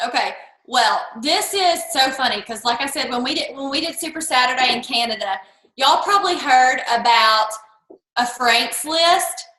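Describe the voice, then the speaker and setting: High bright woman storyteller. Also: moderate pace. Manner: animated, acts out quoted voices. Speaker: guest speaker. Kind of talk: lively anecdotal talk. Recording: roomy echo.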